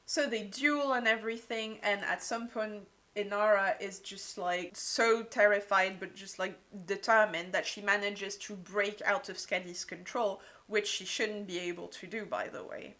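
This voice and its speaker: A woman's voice: medium pitch, fairly even intonation, measured pace, hardly any pauses, fairly bright tone. A woman giving a casual book review, gushing and peppering her talk with "like".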